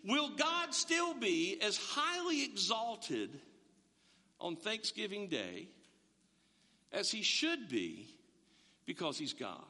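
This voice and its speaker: A middle-aged man preaching a sermon in a lively, conversational way, often restarting his sentences. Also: high voice, slow, long pauses. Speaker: pastor. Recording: reverberant church hall.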